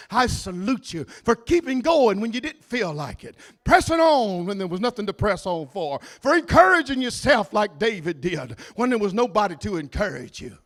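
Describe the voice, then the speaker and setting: A man pastor preaching a fiery sermon, shouting out lines and dropping to a hush. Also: sits high. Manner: shouting, swinging from loud to hushed.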